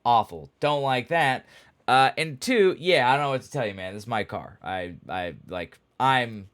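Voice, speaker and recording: A man's voice: medium pitch, expressive, normal speed, fairly bright tone. A man vlogging from home, telling a long story in a rambling, casual way with lots of fillers and wry, exasperated asides. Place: at home with pets.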